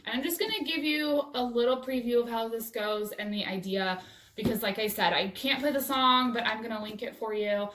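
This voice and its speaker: A woman's voice: fairly high pitch, fairly even intonation, fairly quick, noisy background. A woman teacher showing a movement game on video, cheerful and chanting rhythmic cues for toddlers. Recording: echoey room, voice from far off.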